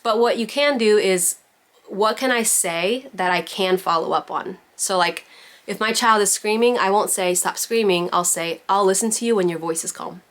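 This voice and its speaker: A woman with a medium-pitched, fairly bright voice teaches a parenting class over video call at a moderate pace. Her casual virtual teaching is chatty and packed with "like" and "you know."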